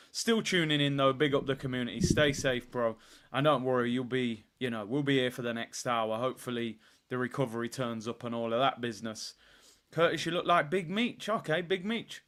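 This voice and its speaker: Man, football streamer, bright voice, fairly high pitch, jokey. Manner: animated, jokey, bursts into loud excitement. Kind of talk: casual live stream chat reading comments.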